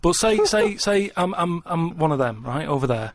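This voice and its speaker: A man on a comedy podcast, arguing a point at length in a rambling, deadpan way and checking in with the others as he goes. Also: a little high, no room sound, studio quality. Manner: builds a point slowly, checking in with a repeated "right?". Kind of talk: rambling comic argument.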